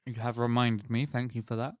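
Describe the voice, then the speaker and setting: A man chats through a relaxed live stream, his voice sitting at an ordinary middle pitch. He rambles and talks to himself, words a little thick from the sweet he is sucking on. The sound is close and dry, with no room around it. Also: fairly quick, no echo. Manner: relaxed, rambling, self-chatting. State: talking with a sweet in his mouth. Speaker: game streamer. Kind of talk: casual live-stream chat.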